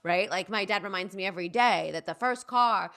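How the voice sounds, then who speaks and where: A young woman chats as an interview guest, her voice bright and forward. She tells family stories with a lively, animated delivery, jumping into the voices of her relatives and laughing as she goes. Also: medium pitch, fairly quick. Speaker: playwright and performer, guest. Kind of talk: casual interview chat.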